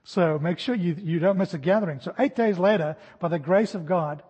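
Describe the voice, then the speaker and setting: A man in his forties preaching an expository sermon, animated, acting out the jumps and shouts of his stories. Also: sits high, brisk, breathy edge, long reverb tail. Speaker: pastor.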